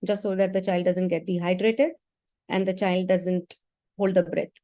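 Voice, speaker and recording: A woman's voice: on the low side, level tone, normal speed, warm tone, dry recording. A woman in an online meeting, giving parents earnest, practical advice on their children's tantrums, speaking to them directly. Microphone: video call.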